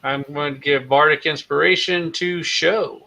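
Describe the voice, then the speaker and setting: A man's voice: on the high side, fairly even intonation, measured pace, vocal fry, sharp tone. A man playing a tabletop game, casual and hesitant with fillers. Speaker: player. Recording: dull lo-fi sound.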